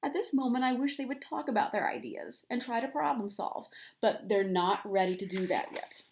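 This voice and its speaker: School counselor lady reading a picture book to first graders, gentle and encouraging, slightly high voice. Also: normal speed. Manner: gentle, encouraging teacher talk. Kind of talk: reading a storybook to children.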